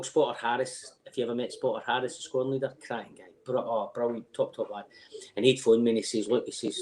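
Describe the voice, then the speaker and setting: A middle-aged Scottish man telling stories as a podcast guest in a casual, animated way, swearing freely and laughing between lines. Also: lowish voice.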